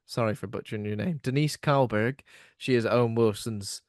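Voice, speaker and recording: A man's voice: mid-range voice, moderate pace, dry recording. Man, podcast co-host, casual rambling chat, self-deprecating, dry close recording. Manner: rambling, self-mocking, laughs often.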